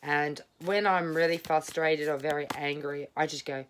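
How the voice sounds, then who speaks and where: A woman's voice: low voice, steady tone, moderate pace, hardly any pauses. A woman giving a casual tarot reading at home, rambling, candid and blunt, swearing freely. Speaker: tarot reader. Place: home, at a small table.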